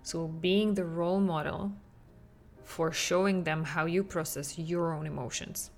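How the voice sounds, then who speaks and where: Gravelly-voiced woman podcast host. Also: lowish voice, unhurried, soft background music. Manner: animated, acts out quotes with laughs. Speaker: podcast host, parenting coach. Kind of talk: podcast monologue.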